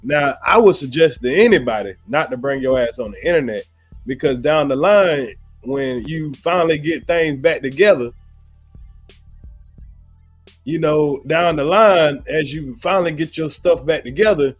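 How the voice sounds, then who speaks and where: A man's voice: fairly high pitch, normal speed, lo-fi sound, soft background music. A man hosting a livestream, giving casual, rambling commentary packed with fillers. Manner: loose, rambling, heavy on fillers like you know what I'm saying. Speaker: livestream host.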